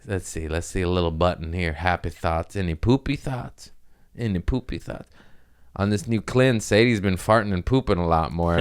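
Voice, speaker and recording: Profane rambling comedian, deep voice. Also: male voice, smooth. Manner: rambling, profane, laughs at own jokes. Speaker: comedian podcast host. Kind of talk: casual comedic monologue.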